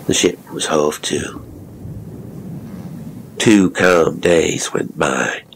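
Deep, gravelly male horror narrator. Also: slight background noise. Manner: measured, dramatic storytelling.

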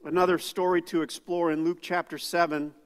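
High-voiced pastor preaching in reverberant church. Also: male voice, level tone, fairly quick, clean tone. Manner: conversational, self-deprecating preaching with asides. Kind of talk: sermon. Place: church sanctuary.

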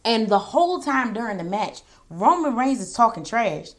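A woman vlogger talks straight to her viewers while doing her makeup. She tells the story in an animated, dramatic way and breaks into the voices of the people involved. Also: fairly high pitch, normal speed. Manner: animated storytelling, quoting wrestlers in a raised voice. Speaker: beauty and wrestling vlogger.

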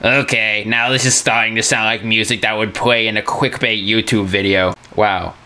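A young man reacting to his old songs in casual, joking commentary, sarcastic and quick to laugh. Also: on the low side, fairly even intonation. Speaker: music reaction YouTuber. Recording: music playing loudly under the voice. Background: his own music playing.

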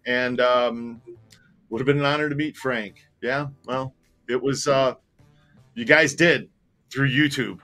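A man's voice: medium pitch, fairly even intonation, a little slow, long pauses, sharp tone, soft background music. A man telling a personal story in casual chat, candid and rambling, swearing freely and growing emotional. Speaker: tour operator telling a story.

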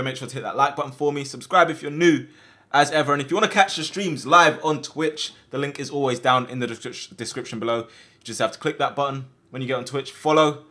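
A young man giving casual, slangy commentary over his own football video game matches, with sudden loud outbursts at big plays. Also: mid-range voice. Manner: casual slangy chat to viewers. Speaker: gaming video host. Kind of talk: live gameplay commentary.

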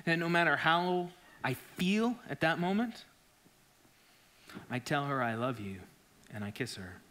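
A man's voice: fairly high pitch, very animated, a little slow, sharp tone. A man in his forties preaching a sermon in church, telling a story with animation and often asking whether the listeners follow him. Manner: keeps asking the crowd "right?" and "you follow me?". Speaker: pastor.

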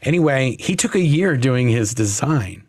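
A man as a podcast guest, telling a story in a blunt, profane, animated way. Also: medium pitch, moderate pace, no echo, studio quality. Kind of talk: casual storytelling interview.

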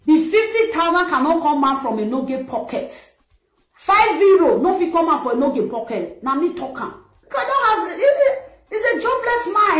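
A woman's voice: sits high, roomy sound, low-quality recording. A Nigerian woman in a mocking, insulting rant, laughing between her jabs. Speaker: social media personality. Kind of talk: ranting livestream monologue.

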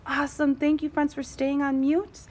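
A woman teacher reading a picture book aloud to her class, expressive, with gasps and dramatic pauses. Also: high voice.

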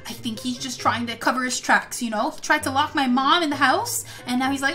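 Woman game host, high bright voice, dramatic gasping kid role-play, faint music under. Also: expressive, moderate pace, few pauses. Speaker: gaming channel host.

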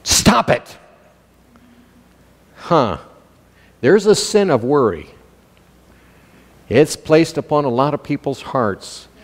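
Emphatic high-voiced male preacher. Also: sing-song, takes it slowly, long pauses. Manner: emphatic, calls out to the congregation. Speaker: pastor. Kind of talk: sermon. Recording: long hall reverb.

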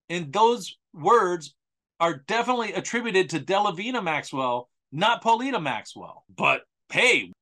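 A man's voice: a little high, fairly bright tone. A man hosting a history podcast monologue, sarcastic and incredulous, mocking the claims he discusses. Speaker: host.

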